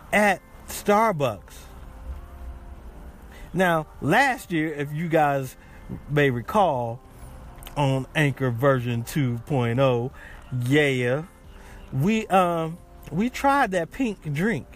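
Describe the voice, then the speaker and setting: Podcast host, male, relaxed rambling chat, unhurried, faint background hiss. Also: on the high side. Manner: rambling, chatty, with fillers and restarts. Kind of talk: casual chat.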